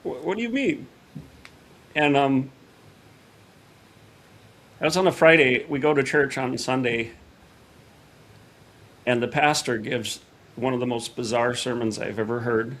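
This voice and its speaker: A middle-aged man, a podcast guest, telling a personal story in a casual, animated way and acting out quoted dialogue. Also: mid-range voice, a little slow, long pauses.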